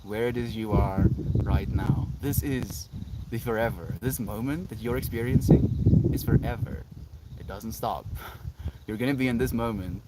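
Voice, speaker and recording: A man's voice: lowish voice, measured pace, heavy background noise. A South African man musing dreamily as a live streamer, reading chat comments and laughing often.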